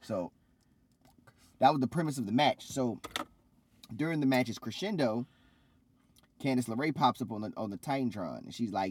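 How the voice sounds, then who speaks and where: Husky-voiced man recapping wrestling casually. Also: medium pitch, normal speed, pauses often. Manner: loose, animated storytelling with acted-out quotes. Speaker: podcast co-host.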